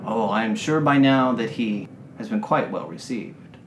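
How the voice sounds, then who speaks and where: A man voicing an ancient, hunched old male dwarf who speaks formally and in measured tones. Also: fairly low pitch, roomy sound, a little hiss or hum, lightly acted, poor audio. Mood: bemused.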